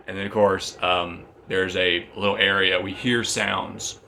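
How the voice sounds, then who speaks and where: A man's voice: deep voice, little pitch movement, unhurried, vocal fry, bright, forceful tone, slight background noise. A man casually recapping a manga story, rambling and often repeating and restarting phrases. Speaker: manga reviewer.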